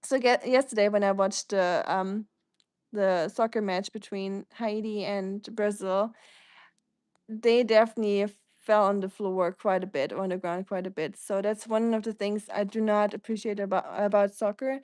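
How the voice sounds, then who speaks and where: A woman's voice: medium pitch, steady tone, moderate pace, darkish tone, no echo. A woman from Germany with a German accent, hosting a casual livestream and chatting through viewer comments in a rambling way. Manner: chatty, rambling, reads out comments and answers them. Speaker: livestream host.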